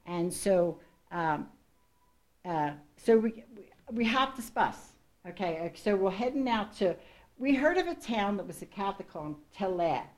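Animated and mid-range, this missionary woman addresses a congregation at a moderate pace, sharing her testimony earnestly in her own words. Her talk wanders, with frequent restarts, asides and occasional laughs at herself.

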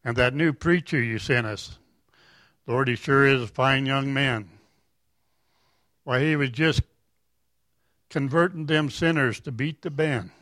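A man's voice: medium pitch, a little slow, long pauses, a bit bright, dry recording, lightly acted. A man reading aloud the words of a humble old farmer talking to God like a friend, in a folksy, plain-spoken way. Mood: earnest.

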